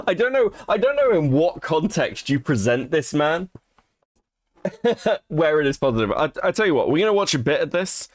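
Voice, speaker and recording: Man, young adult, streamer reacting to a video, lively swooping voice, profane and chatty, dry close mic. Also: a little high, moderate pace, no echo. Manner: chatty, profane, laughs between remarks. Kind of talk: casual reaction commentary.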